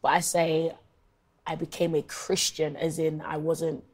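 A woman's voice: low-pitched, little pitch movement, measured pace, a little mellow, slightly rough. A woman in her twenties with a London accent, a guest telling stories in a casual interview, full of ums and likes. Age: 20s. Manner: chatty storyteller, many ums and likes. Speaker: guest, singer-songwriter.

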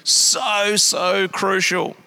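A middle-aged man preaching a sermon, emphatic, swinging between hushed and raised lines. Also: high-pitched, little pitch movement, very slow, vocal fry. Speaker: pastor. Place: large church auditorium. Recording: long hall reverb.

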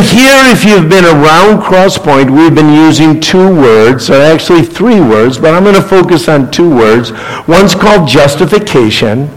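Male pastor, sermon delivery, slightly higher voice, slow but very lively in pitch. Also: poor audio. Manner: animated, acts out quoted lines with rising emphasis.

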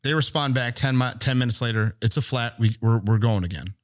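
A man's voice: mid-range voice, fairly quick, no echo, studio quality. A man on a podcast telling a long story in casual chat, rambling and swearing freely as he acts out what people said. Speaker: podcast co-host.

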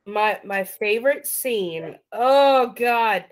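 Woman podcast host, a little high, animated and casual, swears freely. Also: slow pace. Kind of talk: casual chat.

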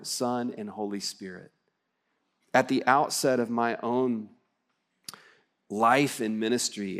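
A man pastor from Texas preaching a livestreamed sermon in an earnest, conversational way, asking the congregation questions. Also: medium pitch. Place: church, livestream service.

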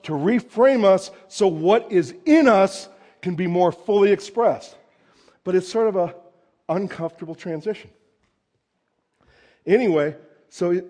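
A pastor giving a conversational sermon, swinging between loud emphasis and hushed asides. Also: male voice, sits high.

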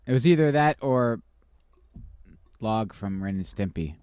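A man's voice: on the low side, expressive, measured pace, darkish tone, a little hiss or hum. A congested man co-hosting a podcast in casual chat, rambling and full of fillers, with a slight lisp. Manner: rambling, filler-heavy chatter. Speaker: podcast co-host.

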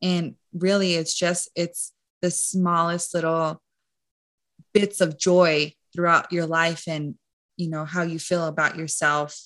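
A woman's voice: on the low side, level tone, slow pace, a bit bright. A woman nutrition and mindset coach talking casually as a podcast guest, rambling and full of "like" and "you know".

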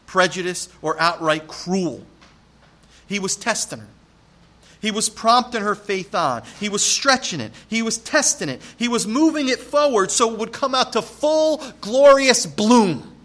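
A male pastor preaching a sermon, an animated storyteller who speaks emphatically and addresses the congregation directly. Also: high-pitched.

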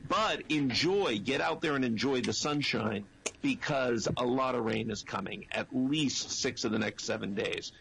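A man chats through a weather report on the radio. His voice is gravelly, and he hedges with plenty of fillers, relaxed and good-humored, with a faint hiss behind him. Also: medium pitch, unhurried. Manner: hesitant, easygoing, full of fillers. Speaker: weather contributor. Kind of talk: casual radio chat.

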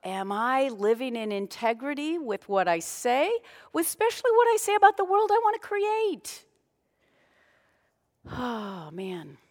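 Middle-aged woman pastor, chatty sermon storyteller; higher voice, big church reverb. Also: very animated, measured pace. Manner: conversational, self-deprecating storytelling. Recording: long reverb of a large hall.

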